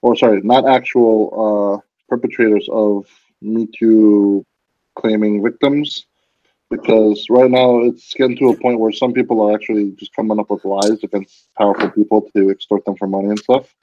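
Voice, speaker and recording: A man's voice: fairly low pitch, fairly even intonation, normal speed, no echo. A man hosting a casual group chat, rambling and restarting his sentences. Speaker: host. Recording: dull lo-fi sound.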